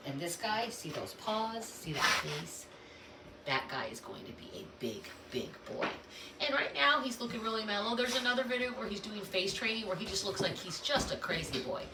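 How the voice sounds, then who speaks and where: A woman's voice: medium pitch, reverberant, background noise. A woman breeder talking casually over videos of her dogs, chatty and cooing at the puppies. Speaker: dog breeder. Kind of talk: casual narration over home dog videos. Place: home kitchen under construction.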